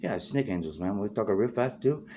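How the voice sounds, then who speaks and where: A man's voice: lowish voice, animated, moderate pace, mellow. A man hosting a rambling, casual monologue, free-associating and peppering his talk with "you know" and "man". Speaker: host. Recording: noisy background.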